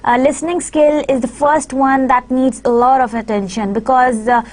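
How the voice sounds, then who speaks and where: A woman giving a recorded university lecture, halting and full of fillers and restarts. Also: sits high, fairly even intonation, darkish tone.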